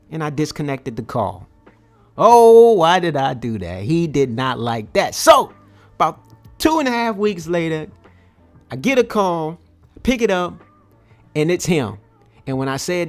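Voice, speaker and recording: A man hosting a podcast, telling a story in a casual, animated way and repeating words as he gets going. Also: a little high, moderate pace. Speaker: podcast host.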